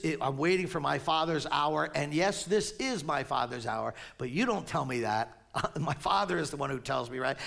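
A middle-aged male pastor preaching a sermon in a conversational, animated way, with frequent stammered restarts. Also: on the high side, creaky.

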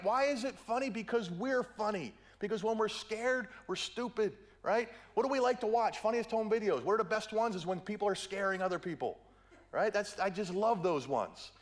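A man's voice: high voice, expressive, normal speed. A middle-aged man preaching a sermon, telling stories playfully, acting out quotes and often checking in with "right?". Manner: playful storytelling, acts out quotes, keeps asking "right?".

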